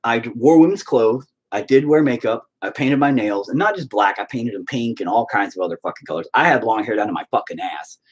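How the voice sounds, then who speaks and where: Husky, profane man ranting. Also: medium pitch, brisk, few pauses. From Oklahoma. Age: 40s. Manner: profane, heated, animated storytelling. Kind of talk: casual rant.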